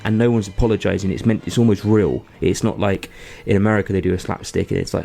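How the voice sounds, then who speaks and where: A man's voice: sits low, fairly even intonation, fast talker, gravelly, warm tone, faint music behind. A man, co-hosting a podcast and rambling through a story with lots of fillers. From England. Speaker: podcast co-host. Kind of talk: casual chat.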